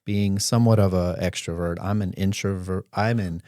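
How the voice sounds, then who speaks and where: A man with a fairly low voice hosts a podcast chat, relaxed and encouraging. He pauses on fillers as he gathers his thoughts. The recording is dry and close. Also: no echo. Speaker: podcast host. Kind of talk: casual interview chat.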